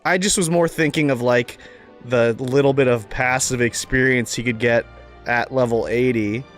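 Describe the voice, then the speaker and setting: A man's voice: medium pitch, normal speed, a bit bright, faint music behind. A Canadian man with a Canadian accent chatting casually while streaming a game, joking and dropping profane asides.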